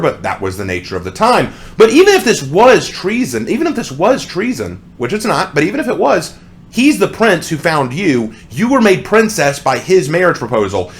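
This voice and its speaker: A young adult man ranting sarcastically as a song reviewer, with exasperated commentary. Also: a little high.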